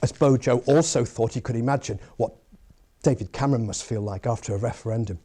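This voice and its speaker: A man giving an after-dinner comedy speech at a speakers' club, with a measured, pun-laden delivery. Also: medium pitch, warm tone, slightly rough.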